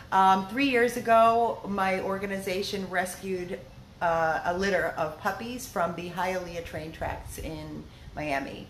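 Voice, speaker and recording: A woman who runs a dog rescue, giving a heartfelt, chatty video update from the rescue house on her phone, with lots of fillers. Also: on the low side. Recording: echoey room with faint noise.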